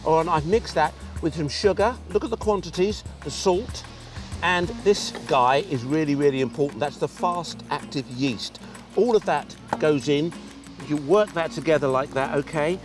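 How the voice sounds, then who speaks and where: A man's voice: fairly high pitch, moderate pace, music in the background. Chatty enthusiastic TV cooking host, man. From England. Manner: chatty, enthusiastic, addresses viewers directly. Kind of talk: cooking demonstration. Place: outdoors on a beach.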